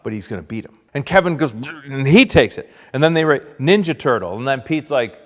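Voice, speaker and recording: A man telling a rambling, boastful comic anecdote in a deadpan mock-documentary style, now and then bursting into loud quoted shouts. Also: medium pitch, fairly quick, few pauses, big-room sound. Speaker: comic storyteller.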